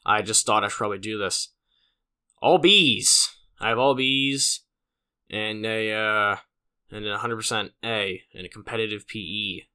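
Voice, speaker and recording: Speaking unhurriedly in a fairly low, clean, sharp-toned voice, a late-teen guy runs a solo podcast. His talk is casual and rambling, packed with fillers and self-deprecating asides.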